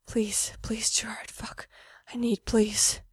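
A breathless, pleading young man, whispered by a woman reading a story aloud. This is a whispered role-play, almost all breath and no voice, hushed well below the telling around it. The sound is dry and close. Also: a little high, level tone, moderate pace, husky, no echo. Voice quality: soft unvoiced whisper.

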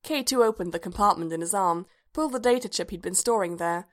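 A woman narrating a story aloud in a measured, even-paced reading. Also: medium pitch. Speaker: reader.

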